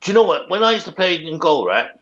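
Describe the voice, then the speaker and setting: A man's voice: on the high side, very animated, fast talker, fairly bright tone. A man co-hosting a football fan show, ranting angrily and swearing constantly. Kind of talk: casual post-match fan chat. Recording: dull lo-fi sound.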